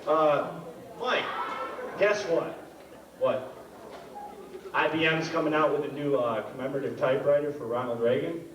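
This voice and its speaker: A man's voice: on the high side, moderate pace, long pauses, dull audio. A young man in his late teens co-hosting a school variety show, trading jokes and arguing with his partner. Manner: bickering, keeps repeating his partner's name. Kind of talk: stage comedy banter. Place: school auditorium stage. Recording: echoey hall from far off, noisy.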